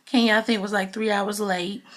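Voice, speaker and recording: A woman's voice: mid-range voice, little pitch movement, normal speed. A woman giving a casual, gossipy recap of a reality TV episode, talking loosely with lots of "you know" fillers. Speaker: TV show reviewer.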